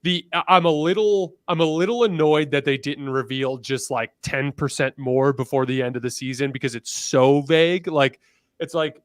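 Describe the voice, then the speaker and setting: Male podcast guest, mid-pitched, lively riffing, acts out quotes; dead-dry mic. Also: moderate pace, no echo. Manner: animated, acts out quoted characters. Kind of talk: casual podcast chat.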